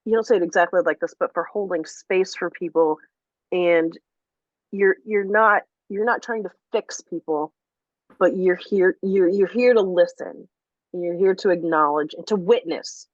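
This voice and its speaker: A woman's voice: lowish voice, normal speed, no room sound. Frank woman podcast host, dry muffled sound. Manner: frank and reflective, swears freely. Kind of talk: casual podcast conversation. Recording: dry, slightly muffled audio.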